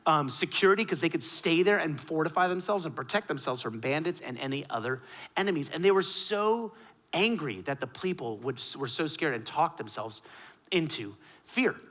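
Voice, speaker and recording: A pastor preaching a sermon, switching between loud, emphatic lines and quiet, low asides. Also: animated, normal speed.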